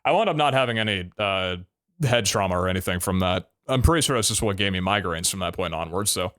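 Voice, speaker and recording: A man's voice: sits low, lively intonation, fast talker, a bit bright, smooth. A young adult man streaming live, telling a story casually, full of laughs and casual swearing.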